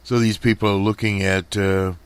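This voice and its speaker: A man hosting a radio program, talking slowly through headlines with many fillers and restarts, his voice strained. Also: on the low side, flat delivery, smooth, no echo. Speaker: radio host. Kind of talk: casual commentary over headlines.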